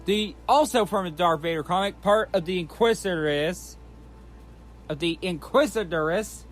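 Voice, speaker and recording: A man's voice: sits high, normal speed, faint music behind. A man hosting his channel, recapping in a casual, rambling way, often restarting and repeating himself. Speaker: channel host recapping a trailer.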